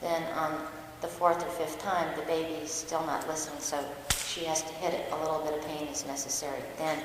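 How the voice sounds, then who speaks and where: A woman with a lowish voice tells frank, self-mocking stories and often laughs at herself. Her voice rings through a large church hall with a long, lingering reverb. A faint hiss sits underneath. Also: flat delivery, brisk. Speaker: dharma talk speaker. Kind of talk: personal storytelling talk.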